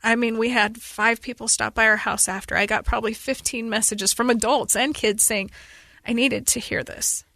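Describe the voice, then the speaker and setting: A woman in her forties speaks as a podcast guest, her voice bright and forceful and sitting somewhat high. She tells her story in an earnest, urgent rush. The sound is dry and close. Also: steady tone, creaky, dry recording. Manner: earnest, fast-flowing storytelling with pleading urgency. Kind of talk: emotional personal interview.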